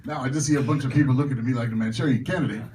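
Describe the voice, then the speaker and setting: A man's voice: medium pitch, very fast, noisy background. Male stand-up comic, self-mocking crowd worker, slightly distant mic. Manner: loud crowd work, self-mocking punchlines. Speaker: stand-up comedian. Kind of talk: stand-up comedy set. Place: comedy club stage.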